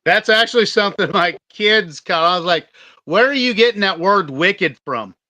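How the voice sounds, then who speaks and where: A man with a high, bright voice tells rowdy, profanity-laced stories in a casual podcast chat. The sound is dry and close. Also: lively intonation, normal speed, dry recording. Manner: profane, storytelling, swears a lot. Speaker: podcast co-host.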